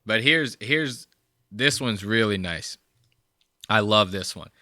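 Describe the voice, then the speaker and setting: A man's voice: fairly low pitch, animated, slow, bright, forceful tone, dry recording, clean studio sound. A young man hosting a podcast, talking casually and profanely as he reacts to clips. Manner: profane, rambling. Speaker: podcast host.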